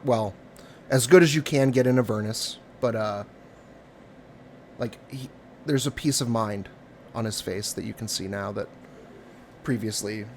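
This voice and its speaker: A male player at a game table who talks very slowly, in stops and starts. His voice sits at a middling pitch, with faint noise behind it. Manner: hesitant, halting narration. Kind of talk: casual game-table chat.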